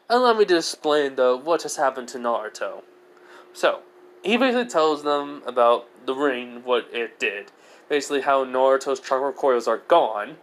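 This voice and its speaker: A man's voice: mid-range voice, low-quality recording. A man casually narrating a fan fiction story, rambling with lots of fillers and self-corrections.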